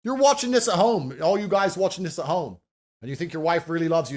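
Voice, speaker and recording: A man ranting forcefully and profanely in a heated podcast debate. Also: fairly high pitch, fast talker. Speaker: podcast guest.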